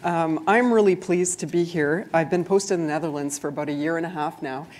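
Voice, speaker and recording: Woman diplomat presenting at a conference, low voice, friendly and clear. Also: fairly quick, a little mellow, a little hiss or hum. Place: conference room before an audience.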